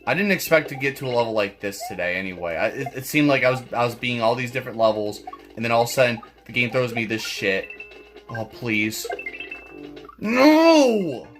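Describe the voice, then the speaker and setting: A man hosting a gaming channel provides let's-play commentary at a quick pace, his medium-pitched voice fairly bright over faint music. He curses often and trips over his words each time he restarts.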